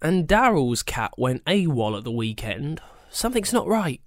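A storyteller voicing a chatty, eccentric elderly grandmother who sews, with a fussy, high-pitched manner. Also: big pitch swings, moderate pace, no echo, studio quality, close to an everyday voice. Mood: worried. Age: older.

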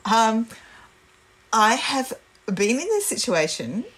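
A woman, calmly explaining parenting advice in a casual chat. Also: on the high side, slow, husky. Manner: calm, gentle and explanatory. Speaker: parenting podcast guest.

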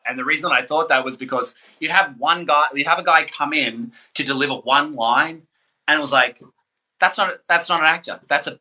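A man with an Australian accent chatting casually as a podcast guest, animated and rambling. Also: medium pitch. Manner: animated, rambling, quick asides. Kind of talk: casual chat.

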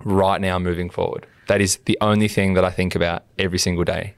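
Man, deep steady voice, smooth, dry close sound, podcast co-host, earnest, encouraging. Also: fast talker, no room sound. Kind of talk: casual podcast chat.

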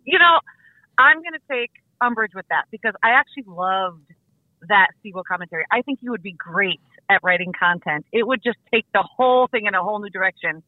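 A woman's voice: mid-range voice, expressive, fairly quick, no echo. A woman co-hosting a podcast, chatting in an upbeat, playful way. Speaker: podcast co-host. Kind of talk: casual chat. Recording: tinny phone-like line, dry.

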